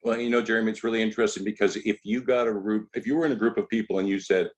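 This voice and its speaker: A man's voice: lowish voice, fairly even intonation, very fast, hardly any pauses. A man hosting a casual talk show, reacting to his co-hosts and passing the conversation along. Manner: conversational, hands the floor to co-hosts. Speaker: podcast host. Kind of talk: casual discussion.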